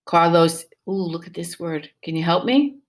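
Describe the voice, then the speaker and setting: A woman's voice: fairly low pitch, normal speed. A woman teaching first grade, reading a picture book aloud to young children and coaxing them with questions. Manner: animated and encouraging, with exaggerated questions to the class.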